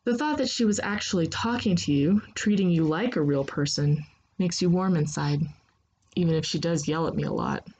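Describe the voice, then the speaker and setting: A woman narrating a second-person story in a steady, unhurried reading voice. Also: on the low side, lo-fi sound, slight background noise.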